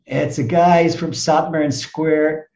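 A man in his seventies from the United States, a rabbi telling stories emphatically in a conversation, swinging from loud to hushed. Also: on the high side, steady tone, takes it slowly, echoey room, dull audio. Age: 70s. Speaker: rabbi and guest speaker. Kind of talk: animated storytelling in conversation.

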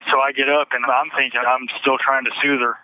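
A man's voice: mid-range voice, flat delivery. Man recounting events over tinny phone. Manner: halting, repeats himself, restarts sentences. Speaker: interview guest. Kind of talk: emotional personal account.

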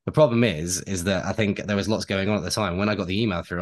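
A man's voice: sits low, fairly even intonation, fast talker. A young man co-hosting a podcast, chatting casually with rambling, self-deprecating asides. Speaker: podcast co-host and actor. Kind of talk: casual chat.

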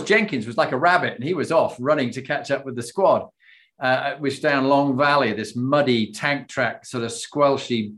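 A man hosting an interview, a former army officer, telling a lively anecdote, acting out the voices in it and laughing as he goes. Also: medium pitch. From Britain. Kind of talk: conversational interview, animated storytelling.

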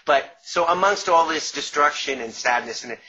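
A man's voice: on the high side, lively intonation, normal speed, bright, forceful tone. A man with a New York accent, a former caterer telling rambling stories as an interview guest, often laughing mid-story. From Long Island, New York. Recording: dull lo-fi sound.

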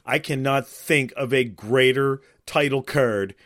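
A man co-hosting a podcast talks with eager, profane enthusiasm and lots of fillers. His voice sits at a middle pitch. The recording is dry and close. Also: measured pace, fairly bright tone, no echo. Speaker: podcast co-host. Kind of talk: casual chat.

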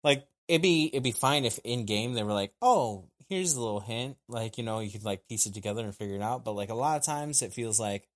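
A man's voice: fairly low pitch, quick pace, few pauses. A man joking wryly with friends about a show, often laughing into his lines. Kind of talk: casual anime recap chat.

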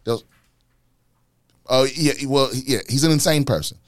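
A man hosting a casual podcast, ranting in a profane, animated way and repeating himself as he gets worked up. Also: medium pitch, unhurried, no room sound, clean studio sound. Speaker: podcast host, comedian.

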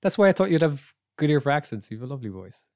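A man's voice: a little high, sing-song, racing, a little mellow. A man, co-hosting a casual podcast chat, teasing and then backpedalling. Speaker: podcast co-host.

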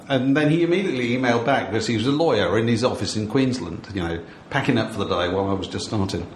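A man's voice: medium pitch, expressive, fast, few pauses, roomy sound, a little hiss or hum. A man hosting a podcast, chatting casually and telling wry stories with frequent laughs. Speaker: podcast host. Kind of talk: casual chat.

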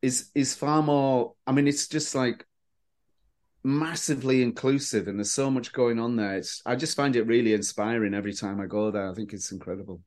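A man's voice: mid-range voice, moderate pace. A man appearing as a podcast guest, telling anecdotes in casual chat with lots of restarts. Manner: animated storyteller with frequent restarts.

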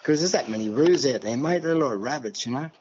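A brisk, husky older man with an Australian accent tells casual, rambling stories as a podcast guest, with lively intonation and plenty of "see" and "mate." His voice is mid-range and darkish, and the recording has its high frequencies cut off.

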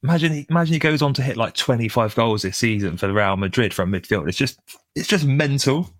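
A young man, co-hosting a casual football podcast in a relaxed, halting way. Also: mid-range voice, no room sound. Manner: relaxed, hesitant with fillers, laughs while telling stories. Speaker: podcast co-host.

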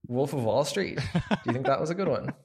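A man's voice: medium pitch, lively intonation, a little fast. Teasing man, playfully contrarian. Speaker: podcast co-host. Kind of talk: casual film chat.

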